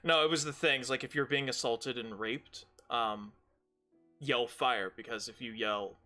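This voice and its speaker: Bright-voiced joking man at a game table. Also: medium pitch, a little slow, faint music behind. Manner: joking, laughs often, reads notes aloud. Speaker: player. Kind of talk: casual tabletop game chat.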